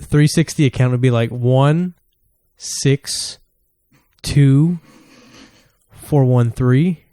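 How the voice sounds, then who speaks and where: A halting, unsure caller, played by a man in a comedy skit. He talks very slowly and pauses often, and the sound is dry and close, with no room echo. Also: mid-range voice, warm tone, clear, resonant tone. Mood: hesitant. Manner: hesitant, halting. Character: hesitant male caller reading out his account number.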